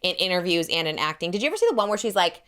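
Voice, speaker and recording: A woman's voice: on the low side, animated, very fast, fairly bright tone, clean tone. A woman in her thirties hosting a podcast, chatting in a gossipy, rambling way with lots of fillers. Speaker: podcast host. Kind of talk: casual chat.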